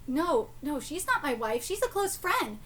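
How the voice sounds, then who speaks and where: A woman's voice: high-pitched, sing-song, a little slow, fairly bright tone, full character voice. Woman reading as a courteous retired navy knight. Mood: polite. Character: courteous older man, former navy knight.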